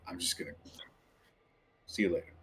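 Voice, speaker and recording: A man's voice: moderate pace, fairly bright tone, natural voice. A man voicing a chatty, affable skeleton who talks in a dry, offhand, joking way. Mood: wry.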